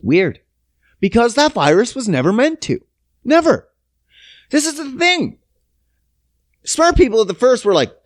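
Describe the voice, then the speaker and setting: A man's voice: sits high, huge pitch swings, moderate pace, long pauses, dry recording, studio quality. A young man from Canada hosting his own podcast, ranting in a profane, sarcastic way. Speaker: podcast host. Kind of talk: casual solo podcast rant.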